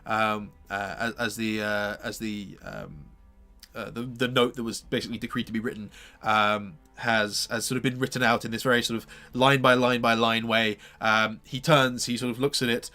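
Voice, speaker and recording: A man narrating a tabletop game as game master, halting and full of fillers. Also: fairly low pitch, little pitch movement, pushed and bright, soft background music. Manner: hesitant, many fillers and restarts.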